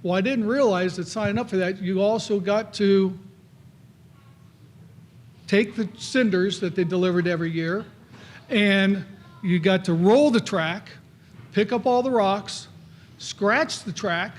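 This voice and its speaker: A middle-aged man tells old coaching stories at an awards night. His voice sits fairly high, and he slips into the voices of the coaches and kids he quotes. His delivery is folksy and anecdotal. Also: unhurried, long pauses. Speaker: hall of fame inductee giving a speech. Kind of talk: anecdotal acceptance speech.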